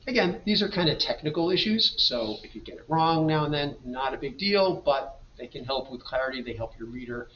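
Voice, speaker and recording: A man's voice: a little high, animated, fairly quick, hardly any pauses, slight background noise. A man teaching a grammar lesson over a slideshow, explaining patiently and reading example sentences aloud. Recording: dull, roomy, mic at a distance.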